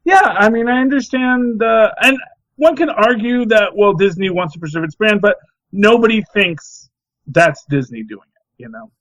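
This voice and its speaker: A middle-aged man co-hosting a podcast, talking in a rambling, animated casual chat full of restarts. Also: high-pitched, moderate pace, dry recording, highs cut off. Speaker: podcast co-host.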